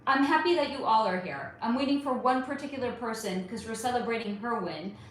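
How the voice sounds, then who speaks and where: A woman's voice: a little high, fairly quick. A woman in her thirties from California, hosting a casual livestream and greeting viewers by name, calling them honey and darling. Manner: warm-toned, calls viewers honey and darling, chatty and animated. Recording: very echoey room with faint ambient noise.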